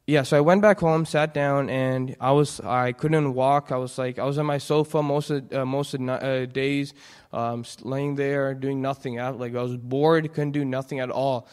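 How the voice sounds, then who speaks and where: A young man giving an earnest, halting personal testimony in church, full of restarts. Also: medium pitch, clean tone. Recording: long hall reverb.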